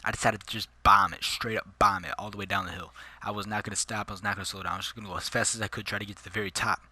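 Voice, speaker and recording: A man's voice: on the low side, steady tone, very fast, pushed and bright, dry recording. A man telling a personal story in casual, slangy vlog chat, calling his listeners dude and bro. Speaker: vlogger.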